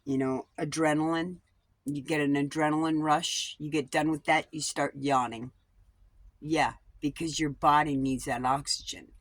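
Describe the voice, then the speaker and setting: A woman's voice: low-pitched, steady tone, normal speed, no echo. A woman vlogger talking in a rambling personal monologue about coping, blunt and digressive, swearing freely.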